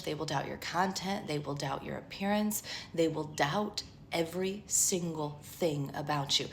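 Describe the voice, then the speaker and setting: A woman in her thirties giving an earnest spiritual pep talk as a tarot reader, with emphatic lists that often sink into a hushed, breathy near-whisper. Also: low voice, slight background noise. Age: 30s.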